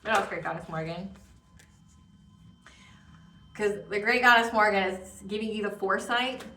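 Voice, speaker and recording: A woman gives a casual tarot reading in a medium-pitched, pushed and bright voice at normal speed. She rambles emphatically, repeating words and using many fillers, while the distant mic leaves her off-mic in an echoey room.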